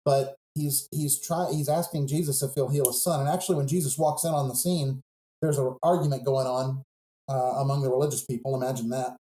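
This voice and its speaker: Earnest man retelling a story, mellow voice. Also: mid-range voice, reverberant, rough recording. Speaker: pastor. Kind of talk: podcast conversation, telling a Bible story.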